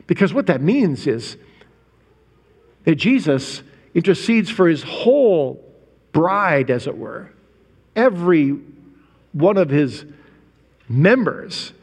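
A male preacher with a high voice delivers an emphatic sermon, leaning hard on key words and stretching them out. He fires off rhetorical questions at the congregation. His voice rings with a long reverb in a big church hall. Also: big pitch swings, slow pace, long pauses, a little mellow.

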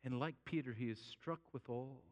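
A male pastor preaching a sermon, swinging from loud urgency down to a hushed near-whisper. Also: mid-range voice, moderate pace, lo-fi sound. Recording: long hall reverb.

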